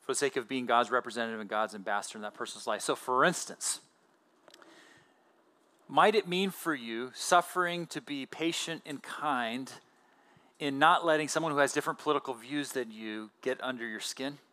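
A man in his thirties, a pastor giving a conversational sermon with casual fillers and animated emphasis. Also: mid-range voice, normal speed.

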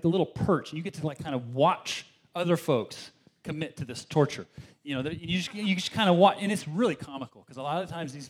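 A man preaching a sermon in a relaxed, conversational way, with asides to the congregation and quoted voices. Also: on the high side, husky. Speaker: pastor.

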